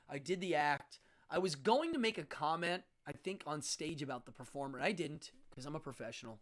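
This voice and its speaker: A man's voice: on the high side, fairly bright tone. A middle-aged man who hosts a talk show and works as a stage magician, telling backstage stories in a blunt, frank way. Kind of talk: casual storytelling on a talk show.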